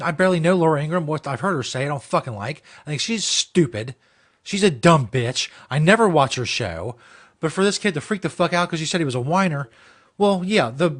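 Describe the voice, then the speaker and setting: A man's voice: fairly high pitch, a bit bright. A man hosting a comedy show, ranting and mocking with heavy swearing. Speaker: host. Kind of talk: profane comedic rant.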